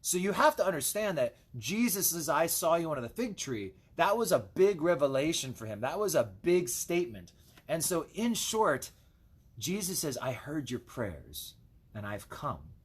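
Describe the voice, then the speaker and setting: A man's voice: on the high side, big pitch swings, moderate pace, husky. A man as a pastor, giving a casual Bible devotional with chatty asides while he reads scripture.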